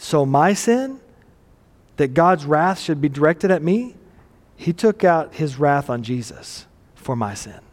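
Pastor, male, high tenor, casual sermon delivery with questions to the crowd, long hall reverb. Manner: conversational, self-deprecating, asks the audience questions.

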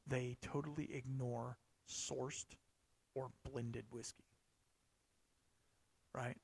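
A man's voice: medium pitch, little pitch movement, extremely slow, vocal fry, darkish tone, slightly rough. A man hosting a podcast, talking casually and rambling, with lots of fillers and restarts. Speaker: podcast host. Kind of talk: casual solo podcast talk.

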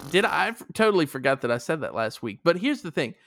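A man's voice: a little high, big pitch swings, fast talker, creaky, a bit bright, slight background noise. A man with an American accent co-hosting a podcast in casual, joking chat, laughing often. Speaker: podcast co-host.

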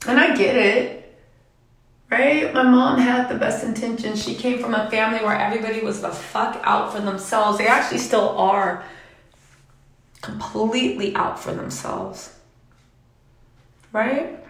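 A woman's voice: fairly high pitch, a little slow, long pauses, fairly bright tone, roomy sound. A woman vlogger telling a personal story in a reflective, questioning way, swearing casually now and then.

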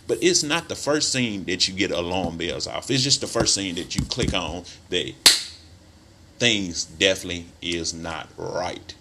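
Low-voiced guy recapping a movie, forceful bright tone, colloquial, loud bursts now n then. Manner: animated storytelling with sudden emphatic outbursts; colloquial, conversational phrasing. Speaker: film commentator. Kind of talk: casual retelling of a movie plot.

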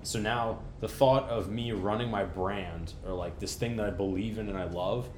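A man appearing as a podcast guest in casual chat, talking in an energetic, blunt way with casual swearing. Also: normal speed. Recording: echoey room with faint rumble.

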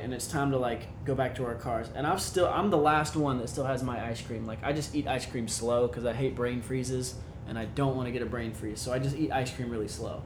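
A young man tells a story in a relaxed, chatty way and keeps stacking up little filler words as he goes. His voice sits at an ordinary pitch, and the room around him sounds echoey, with a faint low rumble underneath. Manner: rambling, many fillers, animated retelling. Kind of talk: casual storytelling chat.

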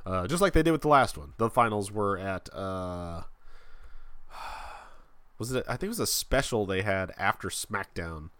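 A man hosting a casual wrestling podcast, rambling and halting with frequent restarts. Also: fairly low pitch, lively intonation, a bit bright, dry recording. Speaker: podcast host.

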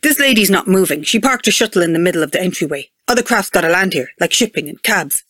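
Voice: mid-range voice, lively intonation, fast, a bit bright, no room sound, studio quality. A reader voicing a pudgy male city cop who talks in a blunt, dismissive way. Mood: sneering.

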